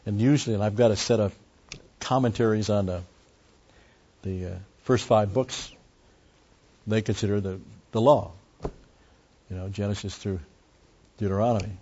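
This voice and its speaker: Husky male preacher teaching scripture. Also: on the low side, a little mellow, dull audio. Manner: conversational, with frequent asides and restarts. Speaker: pastor. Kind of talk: expository sermon.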